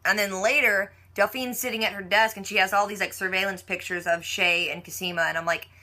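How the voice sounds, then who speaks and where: A woman's voice: medium pitch, steady tone, brisk, bright, forceful tone. A woman giving a casual, chatty recap of a TV episode, full of "like" and playful mock quotes of the characters. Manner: chatty, heavy use of "like".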